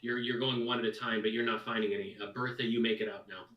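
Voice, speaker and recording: A man narrating a tabletop game as dungeon master in a casual, halting way. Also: medium pitch, fairly even intonation, reverberant, distant mic, dull audio.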